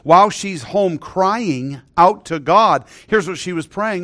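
A middle-aged man preaching a sermon, earnest, often dropping to a hushed voice when he tells a story. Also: high voice, moderate pace, hardly any pauses. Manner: earnest, drops to a hushed voice for stories.

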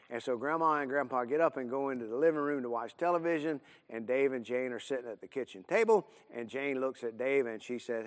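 A man telling a homespun story in an unhurried, folksy way, with plenty of fillers and restarts. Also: medium pitch, long reverb tail.

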